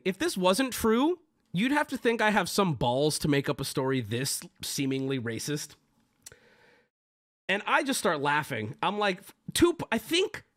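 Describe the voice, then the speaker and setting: A man streaming and telling his chat a story casually, animated and profane, often restarting himself. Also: a little high. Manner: animated, profane, self-interrupting.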